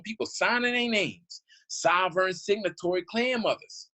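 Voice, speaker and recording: A man's voice: high voice, normal speed, few pauses, pushed and bright, rough recording. A man doing casual, indignant commentary as he reads old documents aloud, rambling and restarting, with informal speech full of "y'all". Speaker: online commentator.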